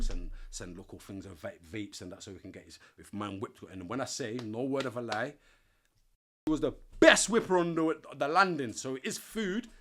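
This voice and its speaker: A man from Nottingham, a podcast guest telling animated stories in heavy street slang and acting out what others said. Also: lowish voice. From Nottingham, England. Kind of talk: casual storytelling in an interview.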